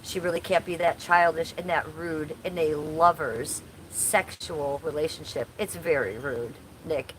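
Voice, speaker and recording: A woman's voice: low-pitched, steady tone, measured pace, hardly any pauses, slight background noise, rough recording. A woman in her forties hosting a casual livestream from home, chatting bluntly and crudely while reading chat aloud. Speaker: livestream host.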